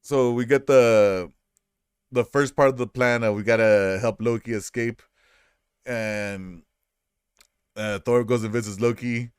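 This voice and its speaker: A man's voice: medium pitch, measured pace, long pauses, clear, resonant tone, no echo, clean studio sound. A man co-hosting a casual chat, recapping a movie with frequent laughs and acted-out quotes. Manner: animated, laughs often, acts out quotes. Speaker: podcast co-host.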